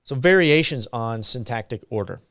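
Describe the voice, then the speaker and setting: A man giving a university grammar lecture, slow and halting with frequent ums and uhs. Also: medium pitch, animated, a bit bright, no echo, clean studio sound.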